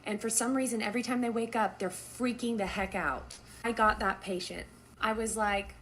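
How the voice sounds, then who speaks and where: A young woman, a nurse, telling a story casually and acting out the dialogue with lively swings in her voice. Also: normal speed, a little hiss or hum. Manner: animated, acts out quoted dialogue with big pitch jumps.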